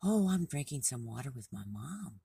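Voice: mid-range voice, big pitch swings, normal speed, vocal fry, warm tone, husky, no echo, full character voice. A storyteller voicing a friendly young deer fawn with a cheerful, matter-of-fact manner.

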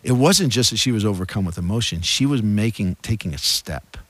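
A man's voice: fairly low pitch, expressive, fairly quick, husky, no room sound. A man co-hosting a casual faith discussion, talking with many restarts and acting out the lines he quotes. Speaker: podcast co-host.

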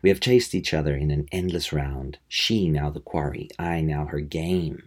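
A man reading the lines of a tormented male vampire in a slow, solemn, dramatic way. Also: rumbling low. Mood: solemn brooding.

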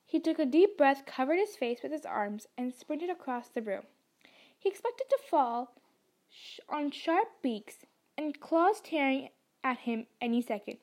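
A woman hosting a podcast and narrating a book chapter in an expressive storytelling manner. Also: high-pitched, unhurried. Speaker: podcast reader. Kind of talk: audiobook narration.

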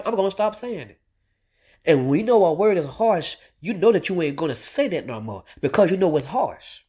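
A young man telling a personal story in a casual monologue, emphatic and repetitive as he drives his point home. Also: on the high side. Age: young adult. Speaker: vlogger.

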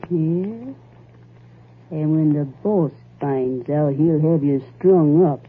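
In a 1940s radio drama, an actress voices a bold, greedy young wife with a slow, low-pitched, drawling rural taunt. The broadcast sounds tinny and old, with a little hiss or hum.

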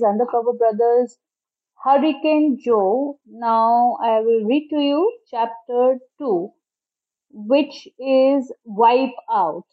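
Slow-reading woman storyteller. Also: on the high side. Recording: tinny phone-like sound.

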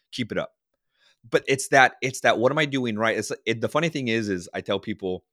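A man with a low voice talks with energy in a casual interview. The sound is dry and close, and he often slips into quoted dialogue as he tells stories. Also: no echo. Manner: animated storyteller acting out quoted dialogue. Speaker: podcast guest, leadership consultant.

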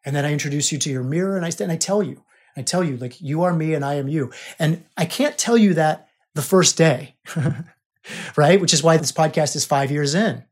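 A man's voice: fairly high pitch, moderate pace. A man hosting a podcast as a coach, teaching in an emphatic, repetitive way. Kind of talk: spiritual coaching monologue.

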